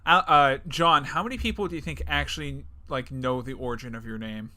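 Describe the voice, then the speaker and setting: A man's voice: medium pitch, fairly quick, pushed and bright. A young man co-hosting a podcast in casual chat, jokey and rambling, laughing often. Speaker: podcast co-host.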